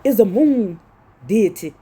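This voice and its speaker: A woman's voice: mid-range voice, expressive, slow, warm tone, husky. A woman preaching a fervent, scolding sermon, reading scripture aloud and crying out as she repeats her phrases. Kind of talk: impassioned street-style sermon with scripture reading.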